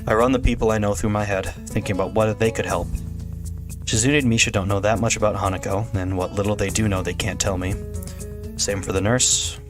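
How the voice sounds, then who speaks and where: A man streaming, reading a visual novel aloud in steady first-person narration, now and then restarting a phrase. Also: lowish voice, a little fast, music in the background.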